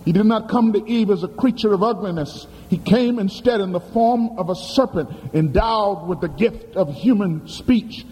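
Speaking in a high, darkish voice at normal speed with hardly any pauses, a preacher delivers a dramatic, emphatic sermon and poses questions to his congregation. The church sanctuary gives a long hall reverb with faint ambience.

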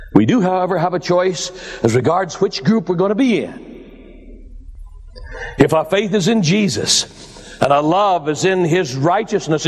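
Male preacher, high voice, dramatic delivery, long hall reverb. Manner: dramatic preaching, swings high and low, addresses listeners as "my dears". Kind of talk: sermon.

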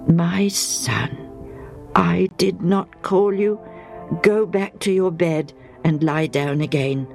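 A woman voicing a gentle, fatherly old priest in a Bible storybook, with soft and kindly reassurance. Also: on the low side, steady tone, slow pace, gravelly, faint music behind.

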